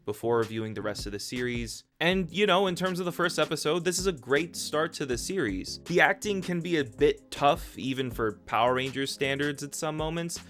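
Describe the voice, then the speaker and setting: A man's voice: on the high side, expressive, brisk, hardly any pauses, a bit bright, soft background music. A man narrating a casual review video, rambling and correcting himself with offhand asides.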